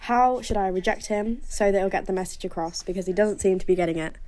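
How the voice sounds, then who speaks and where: A man putting on a high, hurried listener voice. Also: a little mellow, lightly acted. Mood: pleading. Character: listener asking how to reject a persistent man.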